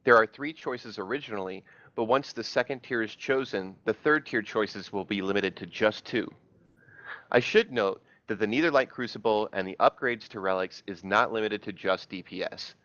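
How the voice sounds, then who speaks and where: Brief: man with a fairly low voice reading a tips segment steadily; dry, muffled recording. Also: normal speed, dry recording. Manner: steady, read-aloud delivery. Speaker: podcast segment presenter. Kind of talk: scripted gaming tips segment.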